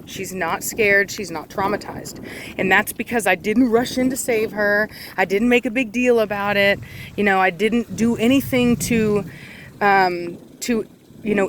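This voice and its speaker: A mid-pitched dog trainer explains puppy training in a relaxed, chatty way, pausing on fillers and restarting sentences. It is recorded outdoors beside water. Engine rumble and water sounds come through clearly. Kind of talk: casual outdoor training vlog.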